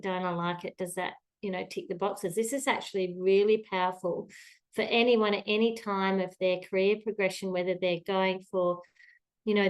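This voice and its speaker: An Australian woman hosting an online workshop on a video call, encouraging and thinking aloud as she moderates. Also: medium pitch. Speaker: workshop host. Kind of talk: casual moderating.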